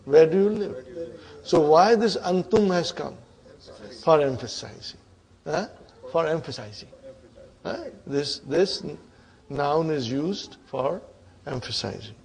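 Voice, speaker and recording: A man's voice: on the high side, animated, slow pace, gravelly, pauses often, a little mellow. A man teaching a grammar class, quizzing students with frequent "huh?" prompts and repeating their answers. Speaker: Arabic teacher.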